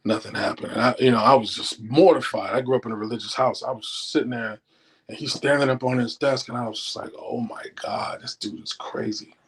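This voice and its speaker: A man's voice: mid-range voice, fast talker, husky, rough recording. A middle-aged man, a former stockbroker, telling stories as an interview guest and acting out what people said. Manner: animated storyteller acting out quotes. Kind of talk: casual storytelling.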